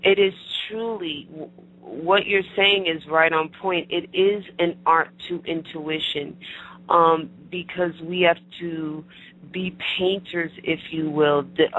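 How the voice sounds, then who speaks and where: Gravelly, bright-voiced male host. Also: fairly high pitch, fairly even intonation, rough recording. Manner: earnest, reflective, halting with fillers. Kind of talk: interview conversation.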